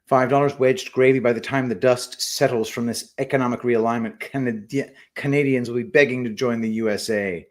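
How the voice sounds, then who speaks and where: A man co-hosting a casual livestream, reading viewer messages aloud and adding quick remarks. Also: medium pitch, fairly even intonation. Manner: reads super chats aloud with quick asides. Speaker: co-host reading donor messages.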